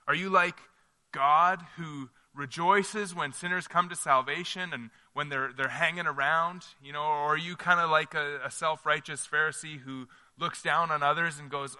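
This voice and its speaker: Earnest male pastor, bright echoey voice. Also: on the high side, unhurried. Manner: earnest, conversational, frequent restarts. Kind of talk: sermon.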